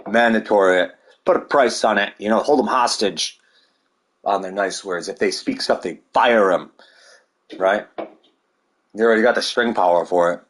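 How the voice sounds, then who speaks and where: A man's voice: on the low side, normal speed, long pauses, fairly bright tone. A man delivering a rambling, heated monologue full of swearing. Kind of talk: ranting monologue.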